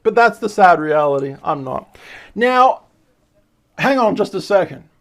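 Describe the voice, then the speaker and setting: A man, giving casual, excitable commentary as he reads articles aloud, often restarting and repeating words. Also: high voice, measured pace. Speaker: channel host.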